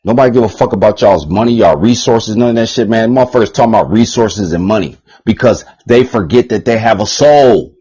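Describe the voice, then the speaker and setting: Husky, profane man ranting. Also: fairly low pitch, brisk, hardly any pauses, dark tone, poor audio. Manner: profane, repetitive, heated. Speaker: channel host. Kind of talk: rambling vlog monologue.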